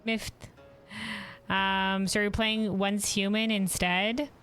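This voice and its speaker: A woman's voice: mid-range voice, flat delivery, unhurried, a bit bright, clear, resonant tone, soft background music. A woman streaming a game, talking casually and rambling, self-deprecating and reading chat messages aloud.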